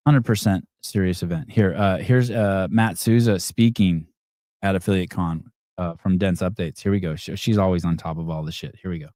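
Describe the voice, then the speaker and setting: A man's voice: sits low, steady tone, moderate pace, warm tone, no room sound, clean studio sound. A man hosting a live call-in podcast, rambling in a sarcastic, profane way. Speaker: podcast host.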